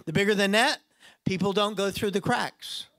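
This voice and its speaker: A man preaching a sermon in a church with a lively, animated delivery. He jokes with the room and often acts out other voices as he talks. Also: high-pitched, moderate pace. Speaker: guest preacher.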